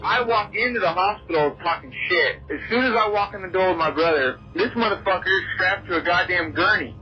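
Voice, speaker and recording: Brief: male fighter, high voice, rattles off a brawl story fast and profane over music. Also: lo-fi sound. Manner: rapid, profane, combative. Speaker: fighter interviewee. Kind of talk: storytelling interview. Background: music bed.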